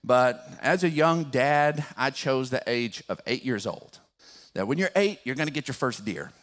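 An older man, a grandfather and pastor, telling a personal story in a sermon that builds into animated preaching. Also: mid-range voice, normal speed. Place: church sanctuary.

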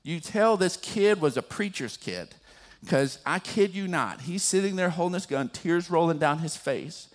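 An older man, a grandfather and pastor, telling a personal story in a sermon that builds into animated preaching. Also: a little high, moderate pace. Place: church sanctuary.

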